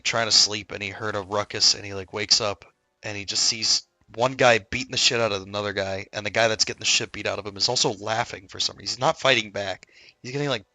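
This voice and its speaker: A man's voice: fairly low pitch, gravelly, bright, forceful tone, no room sound. A man streaming who tells stories casually, swearing freely, laughing often and acting out the people he quotes. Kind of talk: casual storytelling chat.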